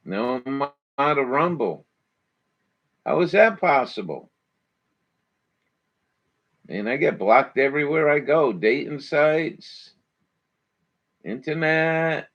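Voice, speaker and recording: A man hosts a morning show and reacts to videos as he talks, crude and folksy, swearing freely. His pace is slow and drawn out. The sound is dull and lo-fi. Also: medium pitch, animated, fairly bright tone. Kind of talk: casual commentary over videos.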